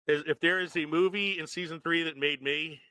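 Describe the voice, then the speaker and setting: Bright-voiced man in his forties. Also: on the high side, fairly even intonation, fairly quick, smooth, no room sound. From Philadelphia, US. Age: 40s. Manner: laughs often, profane storytelling. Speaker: podcast co-host. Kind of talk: casual chat.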